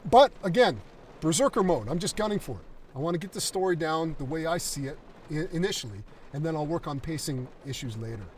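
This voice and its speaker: A man's voice: a little high, expressive, brisk, far from the mic, a little hiss or hum. A concept artist talking through his draft script on a livestream, enthusiastic and rambling with fillers.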